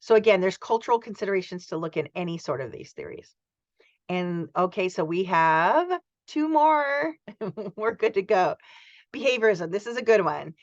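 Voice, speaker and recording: A woman's voice: medium pitch, expressive, normal speed, no echo, lo-fi sound. A woman in her forties from the United States gives a chatty, enthusiastic college lecture and acts out student voices. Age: 40s. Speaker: college instructor. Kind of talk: recorded lecture.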